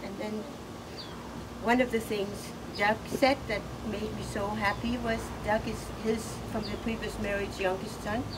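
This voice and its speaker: A middle-aged woman giving a personal eulogy, halting and emotional, laughing through tears. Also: mid-range voice, steady tone, distant mic. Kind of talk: personal eulogy, casual storytelling. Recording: noisy room ambience.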